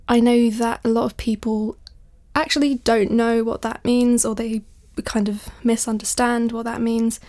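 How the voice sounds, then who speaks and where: A woman's voice: a little high, darkish tone. A woman talking casually on a podcast, chatty and self-deprecating, a little out of breath. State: a bit out of breath. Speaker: podcast guest.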